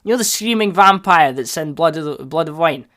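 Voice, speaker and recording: A young man hosting a casual solo review podcast, excitable and rambling, with his voice leaping up in pitch and loudness when he gets worked up. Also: a little fast. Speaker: podcast host.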